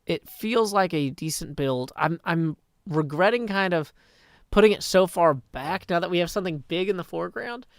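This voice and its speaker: A tired man chatting casually on a live game stream, rambling, correcting himself and thinking out loud. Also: high-pitched, lively intonation, moderate pace, dry recording, studio quality. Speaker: Minecraft streamer.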